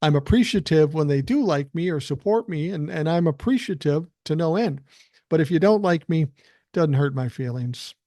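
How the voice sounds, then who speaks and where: A man's voice: a little high, animated, normal speed, warm tone, no room sound, studio quality. An older man hosting a live stream from his living room, ranting bluntly with plenty of profanity. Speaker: podcast host doing a live stream. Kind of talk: casual live-stream rant.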